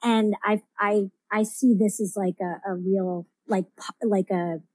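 Talking about her writing as a guest on a relaxed podcast interview, this comics writer rambles, often restarting and filling pauses. Her medium-pitched voice has a darkish tone, fairly even intonation and a slightly slow pace, recorded dry.

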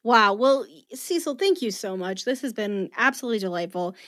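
A woman hosting a podcast, effusive and quick to laugh, thanking guests and listeners. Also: mid-range voice, expressive, fairly bright tone, dry recording, studio quality. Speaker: podcast host. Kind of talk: casual podcast chat.

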